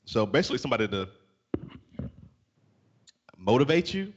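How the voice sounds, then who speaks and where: A man's voice: mid-range voice, very animated, normal speed, dull audio. A man with a Southern US accent, a podcast guest joking bluntly and laughing often in casual chat.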